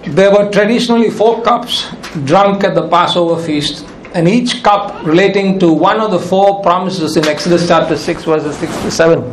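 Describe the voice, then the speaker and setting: A man's voice: high-pitched, normal speed, reverberant, a little hiss or hum, rough recording. A male pastor preaching a sermon, emphatic and repeating his key phrases.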